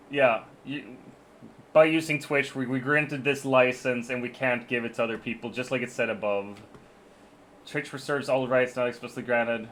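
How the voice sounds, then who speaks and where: A man's voice: mid-range voice, a bit bright, slight background noise. A man streaming live, reading terms of service aloud in casual chat, swearing and joking, stumbling and restarting his sentences. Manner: profane, joking, stammers and restarts often.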